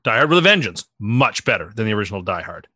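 A man's voice: lowish voice, sing-song, quick pace, pushed and bright, husky, no room sound, clean studio sound. A man hosting a podcast in casual chat, opinionated and contrarian, rambling through his points. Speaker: podcast host.

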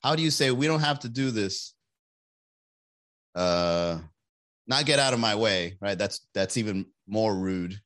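A young man hosting a casual podcast livestream, rambling and joking, and slipping into quick put-on voices. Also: lowish voice, a bit bright. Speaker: podcast host.

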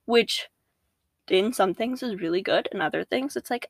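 A young woman, a podcast guest, talking casually about faith, animated, laughing often and acting out her own inner voices. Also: mid-range voice, normal speed, no room sound.

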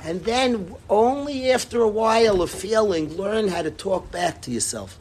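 A man teaching a religious class in an impassioned, emphatic way, repeating his points and swinging between loud and hushed. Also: high voice, animated, unhurried, a little hiss or hum. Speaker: Torah teacher.

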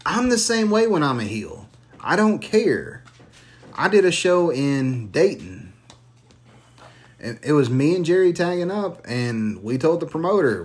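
A man hosting a casual podcast who tells long, profane, animated stories. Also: a little high, a little slow. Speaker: podcast host.

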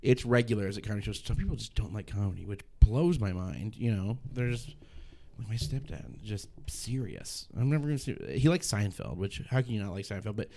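A man's voice: lowish voice, expressive, brisk, creaky, warm tone. A young adult man, a stand-up comedian, talking casually in a podcast chat, rambling and restarting his sentences, swearing now and then.

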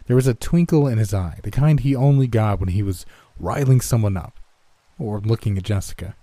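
Low mellow-voiced male storyteller. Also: fairly quick, dry recording. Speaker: narrator. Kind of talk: first-person story narration.

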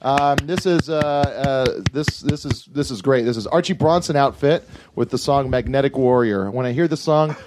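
A man's voice: mid-range voice, moderate pace, hardly any pauses, a little mellow, slight background noise. A man hosting a podcast, chatting casually and eagerly jumping in with details. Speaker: podcast host.

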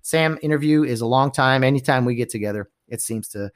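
A man hosts his own podcast, ranting loosely about sports etiquette. He sounds incredulous and animated, jumping into mock voices and hushed whispers to act out what others say. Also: medium pitch, a little fast. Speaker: podcast host. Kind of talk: casual sports rant.

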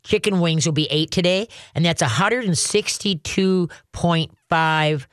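A man's voice: on the high side, measured pace, a bit bright, clean tone, no echo. A man hosting a call-in radio show about dogs. He talks in a folksy, rambling way, full of restarts and fillers. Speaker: radio call-in host giving dog training advice. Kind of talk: casual call-in radio chat. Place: radio studio. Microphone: studio microphone.

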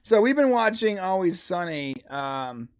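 Lively laughing man podcaster. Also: high voice, a little slow, no room sound, clean studio sound. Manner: animated, mimics voices in quotes, laughs often. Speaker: podcast co-host. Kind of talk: casual chat.

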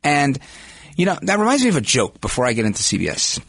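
A man's voice: mid-range voice, huge pitch swings, fast talker, gravelly, a bit bright, breathy edge, no echo. A male talk radio host of Puerto Rican descent, delivering a brash, self-assured monologue in a studio. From United States, Puerto Rican descent. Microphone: studio microphone.

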